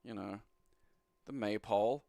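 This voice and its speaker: A man's voice: lowish voice, measured pace, gravelly, dark tone, no echo. Sweary Australian man, dry close sound. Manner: sweary, sarcastic, rambling. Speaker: retro game reviewer. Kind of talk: rambling gameplay commentary.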